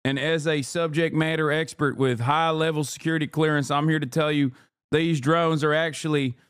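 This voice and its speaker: A man's voice: on the high side, steady tone, normal speed, a bit bright, smooth, no room sound, clean studio sound, natural voice. A male streamer putting on the voice of an overconfident yokel conspiracy theorist to mock him. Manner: mocking, overconfident.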